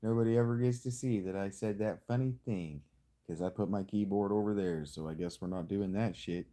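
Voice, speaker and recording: A man's voice: fairly low pitch, fairly quick, dark tone. A man chatting casually while he streams a video game, rambling and swearing with bursts of laughter. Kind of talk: casual gameplay stream chat.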